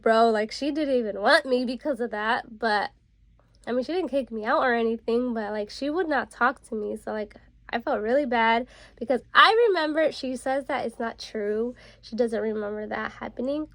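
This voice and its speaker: Young woman vlogger, casual storytime, slightly high voice, dry close sound. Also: fairly bright tone, dry recording. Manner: chatty, many fillers like "like" and "bro". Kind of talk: casual storytime while getting ready.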